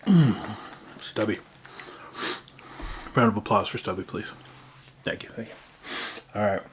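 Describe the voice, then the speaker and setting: A man's voice: fairly low pitch, lively intonation, a little slow, slight background noise. A man casually chatting through a snack taste-test vlog, playful and muttering while he chews. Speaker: vlogger. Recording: crinkling snack bags close by.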